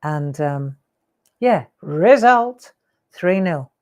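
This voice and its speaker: A woman's voice: low-pitched, expressive, drawn-out words, a little mellow. A woman in her sixties hosting a live craft show, chatty and rambling with laughing asides. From England. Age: 60s. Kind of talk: live craft demo chat.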